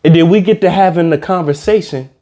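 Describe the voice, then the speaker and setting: A man ranting in a comedic reaction commentary, animated, slangy and profane. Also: a little high, fast.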